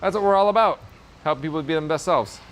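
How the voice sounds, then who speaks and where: A man's voice: on the high side, fast, fairly bright tone, slight background noise. A man chatting casually on a livestream while working on leather in his workshop, upbeat and encouraging, rambling with fillers. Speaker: streamer and leather crafter.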